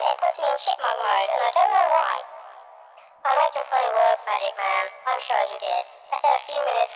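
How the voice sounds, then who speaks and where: A woman's voice: mid-range voice, poor audio. A woman streaming through auto-tune and voice changer effects, enunciating hard and swearing now and then. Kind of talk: casual live-stream chat.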